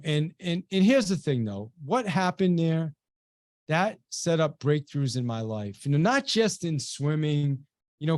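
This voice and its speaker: A man giving a webinar as a sales trainer, telling a motivational story with lively energy and acting out the dialogue as he goes. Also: on the high side, no room sound, clean studio sound. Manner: animated storyteller who acts out quoted dialogue.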